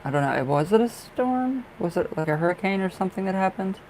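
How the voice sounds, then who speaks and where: A man's voice: high-pitched, animated, a little fast, darkish tone, poor audio. Young guy doing live tarot readings, chatty, says sorry a lot, bit of faint hiss in the back. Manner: chatty, easily distracted, frequent apologies and laughs. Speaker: livestream tarot reader. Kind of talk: casual live-stream chat. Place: dark room at home.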